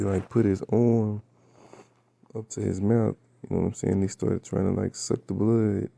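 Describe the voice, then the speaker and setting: A man with a raspy voice, just woken up, casually retelling a dream in slangy, profane storytelling full of fillers. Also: lowish voice, dark tone, no room sound. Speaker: vlogger recounting a dream.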